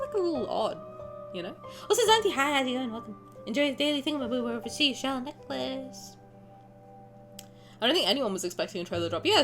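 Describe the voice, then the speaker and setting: A woman streamer chatting casually and excitably while reacting to a game, often swearing and gushing. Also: fairly high pitch. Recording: faint game music underneath. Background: game music.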